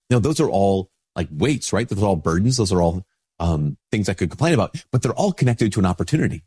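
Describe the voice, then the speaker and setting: Priest, low husky voice, stuffed up from a cold, chatty and informal. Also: male voice, very animated, fast talker, mellow. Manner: conversational, informal, with many restarts and "like". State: sick with a stuffy nose. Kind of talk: casual spoken reflection.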